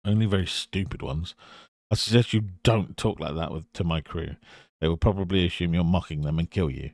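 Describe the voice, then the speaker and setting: A man's voice: deep voice, fairly quick, a little mellow, no echo, clean studio sound. A man voicing a rude, scruffy sailor who talks in a blunt, mocking way. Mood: sneering.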